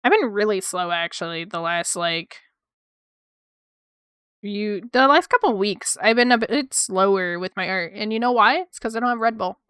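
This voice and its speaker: A young woman chatting casually with her viewers while drawing on stream, excitable and quick to swear. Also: mid-range voice, clean tone, no room sound, studio quality. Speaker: art streamer.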